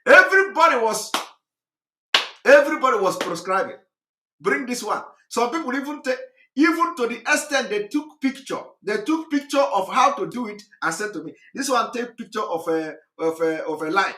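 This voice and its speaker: A hoarse man, hosting a live address, talking repetitively with laughs and emphasis. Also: high voice, animated, normal speed, sharp tone, echoey room. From Nigeria. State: hoarse, recovering voice. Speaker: host of a live broadcast.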